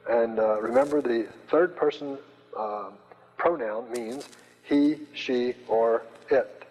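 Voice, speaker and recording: An older man teaching a Greek class, speaking slowly with many fillers and restarts. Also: mid-range voice, darkish tone. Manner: slow, hesitant, many fillers. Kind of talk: classroom lecture. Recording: dull, roomy lecture recording.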